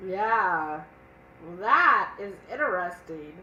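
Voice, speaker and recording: Lively, slow-talking woman. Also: mid-range voice, roomy sound, muffled recording, slight background noise. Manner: chatty, reads viewer comments aloud. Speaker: cooking channel co-host. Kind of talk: casual live-stream cooking chat.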